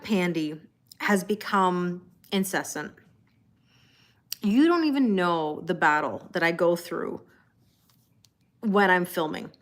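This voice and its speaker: Giggly woman chatting on a live stream. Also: on the low side. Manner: giggly and joking, greets viewers by name. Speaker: tarot reader hosting a live stream. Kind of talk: casual live-stream chat with viewers.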